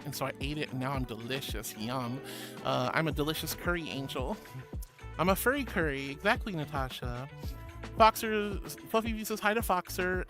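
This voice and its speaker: A woman streamer chatting casually and reading viewer comments aloud, bubbly, giggly and affectionate. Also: deep voice. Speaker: streamer host. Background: background music.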